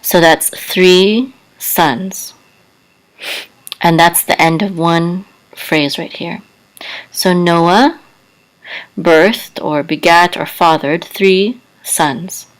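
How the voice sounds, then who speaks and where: Woman, language teacher, deep for her sex, slow and soft-spoken, patient. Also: rough recording. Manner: soft-spoken, careful, spells out sounds with many fillers. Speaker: Hebrew teacher.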